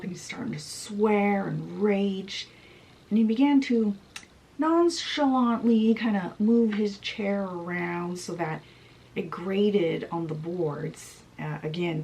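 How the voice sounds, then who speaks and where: A woman's voice: medium pitch, a little mellow, slight background noise, low-quality recording. A young woman retelling a classic story in a casual, chatty book summary, often saying "like" with light laughs. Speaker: book vlogger.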